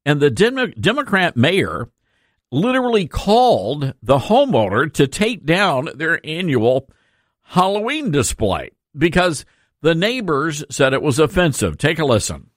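A man's voice: on the high side, big pitch swings, a little slow, no echo, clean studio sound. A man hosting a talk radio show, sarcastic and opinionated, laughing through his asides.

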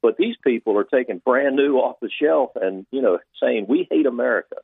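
A man's voice: mid-range voice, moderate pace, creaky, slightly rough, no echo. A man calling in to a radio talk show, speaking in an earnest, indignant way. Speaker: caller. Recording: tinny phone line.

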